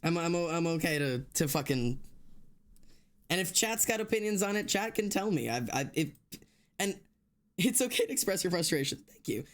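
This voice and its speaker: A man's voice: fairly high pitch, very animated, moderate pace. A man streaming live who swears heavily, rants hotly and then laughs it off, talking straight to his chat with many restarts. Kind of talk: casual livestream chat.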